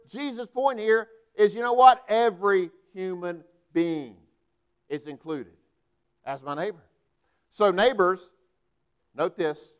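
Man, 40s, pastor, sermon, high voice, clear resonant tone, emphatic. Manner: emphatic preaching with many rhetorical questions to the congregation.

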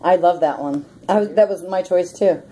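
A woman's voice: lowish voice, moderate pace, warm tone, slight background noise, poor audio. A woman hosting a casual prayer and meditation vlog, chatty and rambling, who often breaks into laughter. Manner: chatty, rambling with many ums. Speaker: host of a prayer and meditation channel.

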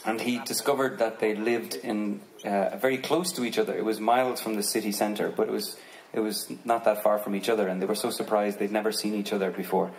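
A man with an Irish accent telling a joking, relaxed story to an audience between songs at a live outdoor concert. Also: fairly low pitch, brisk, few pauses, rough recording. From Ireland. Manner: relaxed, joking, chatty, swears casually. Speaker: singer on stage. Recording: live concert recording with crowd noise. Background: audience crowd murmur.

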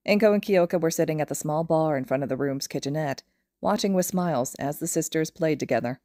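A woman narrating a fan fiction audiobook in a steady, even storytelling manner. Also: deep voice, no room sound, clean studio sound. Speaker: podfic reader.

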